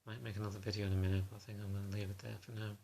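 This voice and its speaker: A man talking to camera in a confessional vlog, halting and self-conscious in a subdued, low-key way. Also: flat delivery, creaky, darkish tone, breathy edge. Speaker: vlogger.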